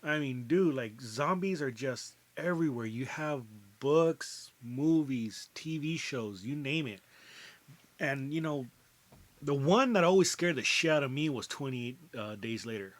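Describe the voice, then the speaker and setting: This man co-hosts a podcast, talking in a loose, rambling way full of fillers, restarts, and open swearing. His medium-pitched voice is animated and runs a little slow.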